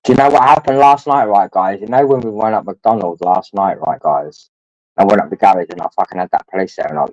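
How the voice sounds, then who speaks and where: This man has a lowish, darkish voice, captured as a dry recording in dull lo-fi stream audio. He drinks as he talks to his livestream chat, rambling, crude, and full of swearing, addressing viewers as his lads.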